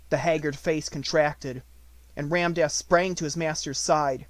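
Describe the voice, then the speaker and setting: A man reading an unabridged audiobook in measured storytelling narration. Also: on the high side, fairly even intonation, dry recording.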